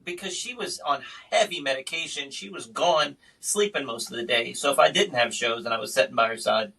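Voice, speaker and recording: A man hosting a podcast, chatting casually and telling stories in an animated way. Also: mid-range voice, brisk, vocal fry, breathy edge, recorded from a distance, poor audio. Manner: animated storyteller. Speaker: podcast host and magician. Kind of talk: casual interview chat.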